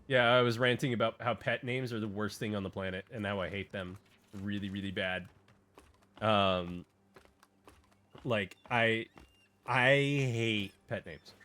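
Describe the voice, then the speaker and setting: A man's voice: medium pitch, pushed and bright. A man chatting casually on a gaming stream, rambling and joking with lots of fillers and restarts.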